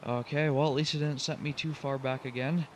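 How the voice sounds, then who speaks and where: A young man who hosts a gaming channel talks briskly over his driving game run, becoming frustrated, pleading with the truck, and groaning at his errors. His mid-range voice has fairly even intonation, and a little hiss or hum sits in the recording.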